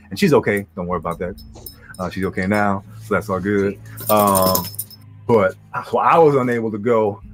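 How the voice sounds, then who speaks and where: A man, talking as a podcast guest in a laid-back, rambling, slangy way. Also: on the low side. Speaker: guest, guild leader. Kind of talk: casual podcast interview.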